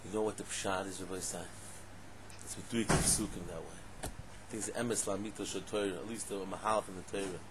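A man giving a lively Torah class, asking rhetorical questions and breaking into loud exclamations. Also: sits low, a little fast, noisy background. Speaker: Torah teacher.

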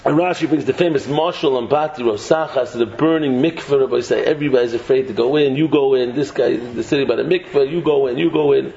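A man teaching an animated Torah shiur, repeating words as he builds each point and mixing English with Hebrew and Yiddish terms. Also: medium pitch, quick pace, gravelly, few pauses. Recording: echoey, dull, faint noise.

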